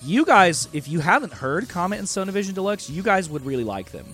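A man's voice: high voice, very animated, a little fast, fairly bright tone, soft background music. A man hosting a casual online hangout, loose and slangy, talking over a video call. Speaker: host. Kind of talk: casual chat.

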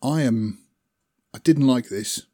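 A man's voice: medium pitch, slow pace, dark tone, slightly rough. A man chatting casually about films he has watched, rambling with fillers and small laughs. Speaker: film reviewer. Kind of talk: casual film chat.

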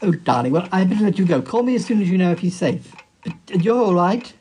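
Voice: animated, fast, mellow, slight background noise, natural voice. A performer voicing Bettina, a fond, gossipy woman on the phone who calls everyone darling. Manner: swoops in pitch, affectionate.

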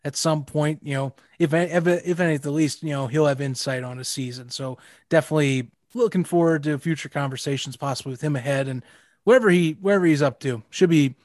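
A man's voice: a little high, fairly quick, a little mellow, no echo, studio quality. A man co-hosting a casual sports podcast, talking hesitantly with lots of restarts. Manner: hesitant, many restarts and fillers. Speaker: podcast co-host.

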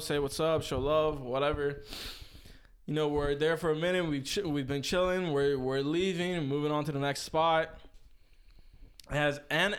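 A man's voice: a little high, a bit bright. A young man in casual chat, telling a rambling story with slang and restarts.

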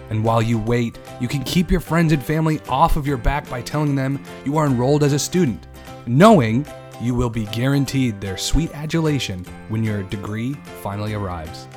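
A man doing an earnest spoof-ad pitchman. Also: a little mellow, close to an everyday voice. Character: eager male customer and announcer in a spoof degree ad. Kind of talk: mock radio commercial.

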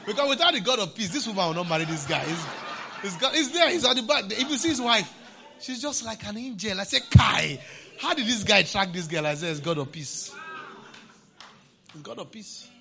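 High, lively laughing male preacher. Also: fairly quick. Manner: playful, shouting and laughing preacher. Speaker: pastor. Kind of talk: sermon.

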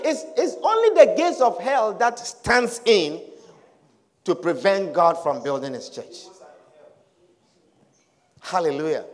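A male pastor preaching a sermon emphatically, repeating phrases and asking listeners if they understand. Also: extremely high pitch. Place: church hall. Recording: long hall reverb.

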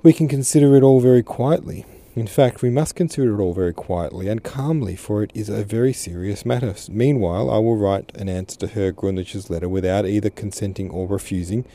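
A man's voice: lowish voice, fairly even intonation, a little fast, few pauses, warm tone, close to an everyday voice. A man reading aloud, voicing a tender father who patiently reassures his daughter.

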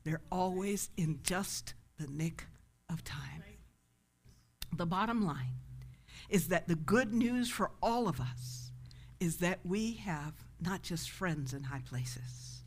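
A woman pastor preaching a sermon, shifting from loud impassioned cries to soft, hushed words. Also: lowish voice, lively intonation, takes it slowly, slightly rough. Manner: quotes prayers in an impassioned pleading voice.

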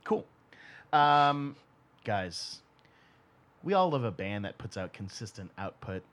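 A man's voice: on the low side, very animated, takes it slowly, a bit bright. A man hosting a casual music podcast with friends, joking and restarting his sentences. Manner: joking, loose, hesitant restarts. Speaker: podcast host.

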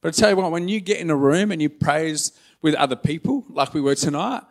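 Emotional man preaching with a gravelly voice. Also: fairly high pitch, brisk. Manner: earnest, emotional and conversational, with self-deprecating humor. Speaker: pastor. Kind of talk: sermon. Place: church hall.

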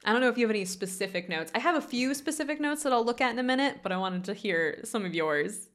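A woman co-hosting a casual film discussion podcast, animated and quick to laugh, often acting out lines in other voices. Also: fairly high pitch. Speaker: podcast co-host.

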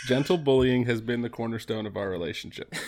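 A man's voice: medium pitch, fast talker, very noisy. A man from New Jersey co-hosting a comedy podcast, talking in a wry, rambling, self-deprecating way. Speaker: podcast co-host. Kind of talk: casual comedic chat.

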